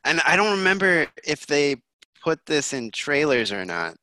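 A man co-hosting a podcast in relaxed, agreeable casual chat. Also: a little high, unhurried, no echo. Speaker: podcast co-host.

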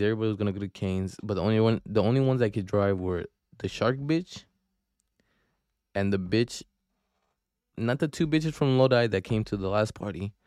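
A man's voice: fairly low pitch, darkish tone, smooth, dry recording, studio quality. A young man, hosting a podcast and telling a profane, slangy story with lots of restarts. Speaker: podcast host. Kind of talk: casual storytelling.

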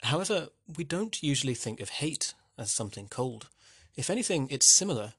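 A man's voice: medium pitch, sing-song, a little fast, fairly bright tone, husky, no echo, studio quality. A man teaching literature in a wry, conversational way, posing questions to the listener as he explains a poem. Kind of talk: explanatory lesson narration.

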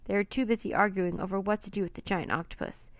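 A woman reading a children's adventure book aloud in an expressive storytelling manner. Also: mid-range voice, fast, no room sound.

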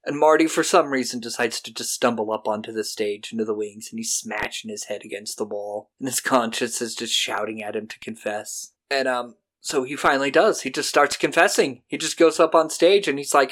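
A man co-hosting a podcast, recapping a TV episode in casual chat and acting out the characters in loud, shouted voices. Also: medium pitch, fairly quick, few pauses. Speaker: podcast co-host.

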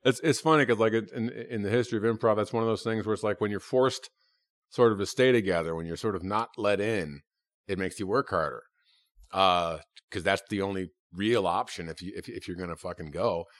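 Halting, swearing middle-aged man. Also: lowish voice, dry recording, clean studio sound. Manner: halting, full of restarts and profanity. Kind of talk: casual chat.

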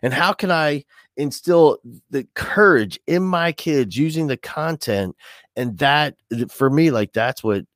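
A man's voice: on the high side, a little slow, no room sound, clean studio sound. A middle-aged man, an educator as podcast guest, talking casually and animatedly, with many restarts. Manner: animated, restless, full of restarts.

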